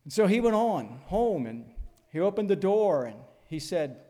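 Slow, earnest older male preacher. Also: sits high, sing-song, dark tone, long reverb tail. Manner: measured, earnest preaching with deliberate pauses, reading scripture aloud. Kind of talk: sermon.

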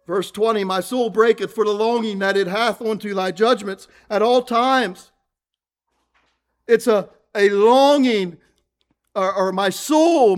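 A man delivers a sermon, reading scripture aloud and earnestly repeating his points, his voice often sinking to a low murmur as phrases end.

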